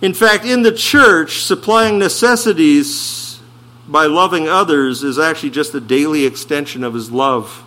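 A man preaching a sermon as pastor, stressing slowed phrases and asking rhetorical questions. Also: fairly high pitch, bright, forceful tone.

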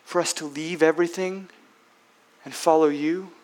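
A man's voice: a little high, fairly even intonation, normal speed, a little mellow, pitched below the performer's own voice, close to an everyday voice. A man preaching puts on the voice of an earnest adult male disciple who asks plain, pleading questions and wants reassurance. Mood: uncertain.

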